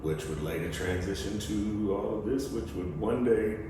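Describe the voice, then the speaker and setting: A young man, an actor, telling lively stories as a guest in an interview. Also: on the low side, moderate pace. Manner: lively storyteller, acts out quotes. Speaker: guest, actor and studio co-founder. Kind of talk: animated storytelling interview. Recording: echoey room, distant mic, background noise.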